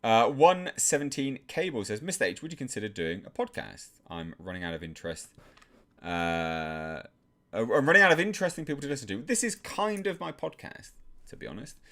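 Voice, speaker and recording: A young man from England hosting a live stream, calmly reading out viewer messages and answering them in a measured way. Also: medium pitch.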